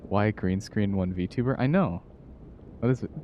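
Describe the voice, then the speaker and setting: A man's voice: lowish voice, measured pace, muffled recording, a little hiss or hum. A man streaming live, chatting casually and playfully with his viewers and laughing often.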